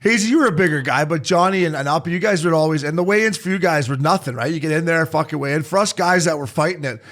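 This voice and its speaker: A podcast host with a somewhat high male voice trades profane, joking banter. He is a former player who talks loosely and casually. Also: quick pace, a bit bright. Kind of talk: casual chat.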